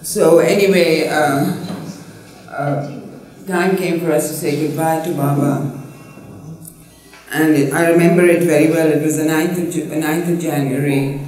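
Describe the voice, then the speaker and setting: Brief: older Indian-born woman telling stories, mellow tone, mic far off in an echoey room. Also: low-pitched, steady tone, soft background music. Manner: rambling, halting storyteller with many fillers. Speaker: interviewee. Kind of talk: personal reminiscence. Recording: roomy, distant mic.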